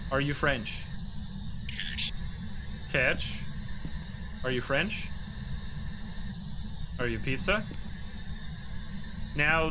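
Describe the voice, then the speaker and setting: Man, gaming stream commentary, excitable, mid pitch, noisy background. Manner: excitable, swings between mumbling and loud outbursts, swears. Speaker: streamer playing a horror game. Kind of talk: casual livestream commentary.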